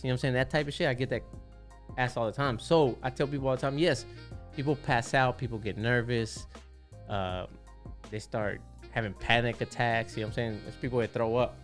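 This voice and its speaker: A man's voice: medium pitch, moderate pace, soft background music. A man, a tattoo artist, telling a story on a podcast in a laid-back, streetwise way, with a lot of "you know what I'm saying".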